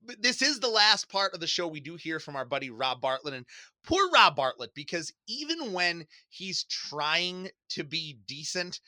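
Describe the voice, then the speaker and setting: A man co-hosting a casual podcast, his voice bright and a touch high. He tells stories with animation and laughs often, recorded dry and close. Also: very animated, normal speed, no echo. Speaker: podcast co-host. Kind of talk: casual chat.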